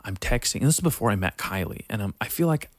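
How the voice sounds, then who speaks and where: A man's voice: fairly low pitch, expressive, fast talker, dry recording, studio quality. A young man talking casually, telling a rambling, profane story with lots of fillers. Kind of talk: casual chat.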